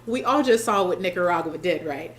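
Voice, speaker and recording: A woman's voice: fairly low pitch, lively intonation, a little fast, slight background noise. A woman giving sassy, playful reaction commentary on a beauty pageant, laughing often as she talks.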